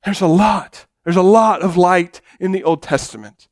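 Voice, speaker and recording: High-voiced male preacher, dramatic. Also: normal speed. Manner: dramatic preaching, swinging from shouts to hushed low tones. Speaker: pastor. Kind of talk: sermon.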